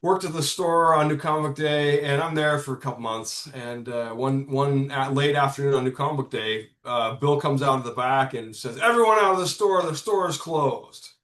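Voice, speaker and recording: A man's voice: medium pitch, fairly even intonation, moderate pace, hardly any pauses, fairly bright tone, roomy sound. A man in his fifties telling stories in a casual podcast chat, rambling with lots of restarts and the odd curse. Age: 50s. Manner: rambling, frequent restarts and profanity. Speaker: comics publisher guest.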